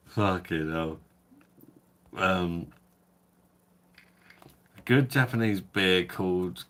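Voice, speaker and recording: A deep-voiced man talks casually on his beer review livestream. He rambles through a story, swears freely and chuckles along the way. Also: steady tone, moderate pace, fairly bright tone, slight background noise.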